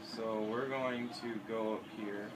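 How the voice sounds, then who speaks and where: Slow-paced and fairly even in intonation, a teen boy's fairly low voice carries casual commentary over a building game. He rambles, jokes, and keeps correcting himself, recorded at home with plenty of noise.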